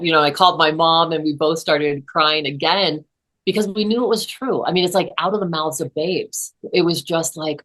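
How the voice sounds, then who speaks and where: Low-voiced woman telling a personal story. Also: normal speed, a bit bright, poor audio. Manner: earnest, with many restarts. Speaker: psychotherapist guest. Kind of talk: storytelling interview.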